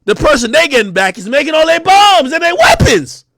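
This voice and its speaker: A man rants on a livestream in a loose, profane way and breaks into mocking impressions. His voice sits high and swings wildly in pitch. The sound is dry and close, with no room around it. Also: sing-song, fairly quick, pushed and bright, no room sound. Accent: New York. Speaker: livestream host. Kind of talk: unscripted livestream rant.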